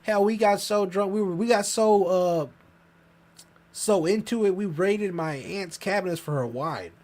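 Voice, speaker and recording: A man telling a long, profane story in casual podcast chat, rambling and animated. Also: high-pitched, measured pace. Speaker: podcast co-host.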